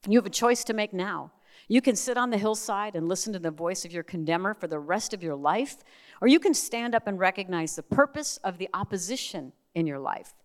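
A middle-aged woman preaching a sermon, telling family stories in a lively way and acting out the voices she quotes. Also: mid-range voice, a little fast. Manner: animated storyteller, acts out quoted voices.

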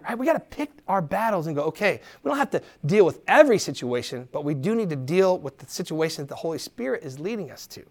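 A middle-aged man preaching a sermon, animated, acting out quoted voices and dropping to a soft tone for encouragement. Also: on the high side, fast, few pauses. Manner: drops to a soft, quiet tone for encouragement. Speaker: pastor.

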